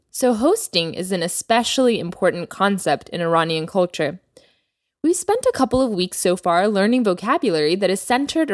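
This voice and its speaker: A woman hosting a language lesson podcast as the teacher, speaking clearly and slowing down to model new words. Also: mid-range voice, no echo, clean studio sound. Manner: clear teacherly delivery, slows down for vocabulary. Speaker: Persian teacher, podcast host.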